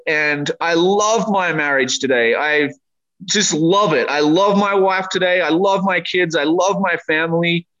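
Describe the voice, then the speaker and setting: A man's voice: high voice, a bit bright, highs cut off. A man talking earnestly and emphatically in a candid faith podcast conversation, peppering his talk with casual slang. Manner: earnest, emphatic, says dude and man often.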